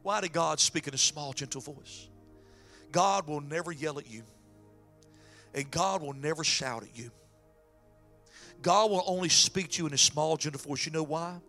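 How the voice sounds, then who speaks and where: A man preaching a sermon as pastor, dropping to whispers and rising to shouts. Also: a little high, normal speed, pauses often, faint music behind. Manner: dramatic swings from hushed whispers to shouting.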